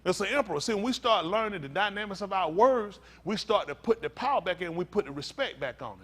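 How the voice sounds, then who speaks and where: A pastor with a strikingly high voice delivers a teaching sermon at a fast clip. He's lively, performs voices for the people he quotes, and trips over his words when reading aloud.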